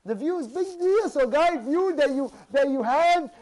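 A man's voice: very high voice, moderate pace. A man giving an informal religious talk. He asks many rhetorical questions and often repeats and restarts his words. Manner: animated, full of rhetorical questions. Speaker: religious speaker.

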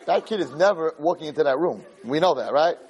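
A man teaching a religious lesson through animated storytelling, acting out the people in his stories. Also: on the high side, a little fast, slightly rough, lo-fi sound. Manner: animated storyteller, acts out characters. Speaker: Torah teacher. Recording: podcast audio.

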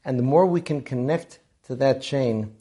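A man hosting a weekly storytelling show, narrating in an earnest, measured way and using Hebrew and Yiddish terms. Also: mid-range voice, warm tone, breathy edge. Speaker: storyteller host.

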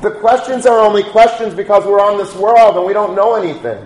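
High-voiced man giving a Torah lecture. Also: a little fast, a little mellow, reverberant, a little hiss or hum, low-quality recording. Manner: storytelling, rises to chanting Hebrew liturgy. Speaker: rabbi.

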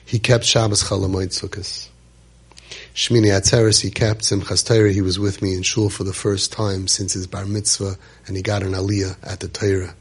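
A man, telling a personal story with animated repetition and Yiddish words. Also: low voice, moderate pace, husky. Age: 50s. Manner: animated, repeats phrases for emphasis, sprinkles Yiddish words.

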